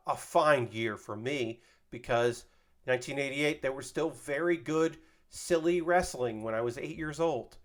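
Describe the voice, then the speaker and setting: A man's voice: mid-range voice, fairly bright tone. Chatty man rambling while building. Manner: rambling, chatty, swears casually, reads chat aloud. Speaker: streamer. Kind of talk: casual chat while building a model kit.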